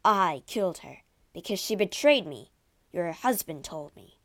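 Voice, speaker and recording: A brooding, jealous general of a storybook speaks in curt, stony growls, voiced by a woman reader. His lines are slow, weighed and heavy. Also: on the low side, expressive. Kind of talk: storybook reading.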